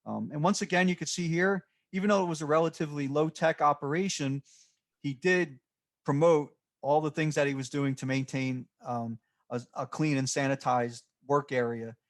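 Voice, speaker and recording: A man giving a recorded slide presentation, speaking off the cuff and halting often with fillers and restarts. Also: fairly high pitch, steady tone. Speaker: extension presenter.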